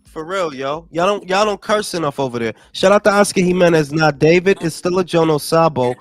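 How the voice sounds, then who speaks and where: A man hosting a casual boxing chat show, animated and profane, joking with friends. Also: fairly high pitch, brisk, soft background music. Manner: animated, profane, bursts into mock Spanish impressions. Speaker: podcast host.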